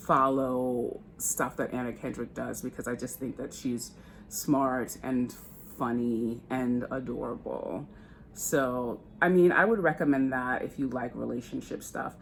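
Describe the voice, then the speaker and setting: An American beauty vlogger chats candidly while getting ready on camera, casually swearing in a get-ready-with-me talk. Her voice is extremely low-pitched, and a faint hiss or hum sits in the background.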